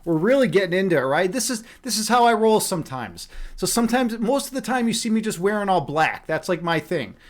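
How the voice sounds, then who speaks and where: Chatty high-voiced man on a livestream. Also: big pitch swings, brisk, few pauses. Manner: chatty, rambling with restarts, playful. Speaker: livestream meditation host. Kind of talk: casual live-stream chat. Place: at home. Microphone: webcam.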